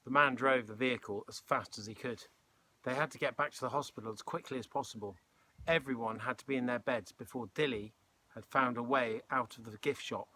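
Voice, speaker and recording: Casting: bright, clear male read-aloud voice, relaxed storybook narrator. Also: medium pitch, slight background noise. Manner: relaxed, with chatty asides. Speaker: storybook reader. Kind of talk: reading a children's novel aloud.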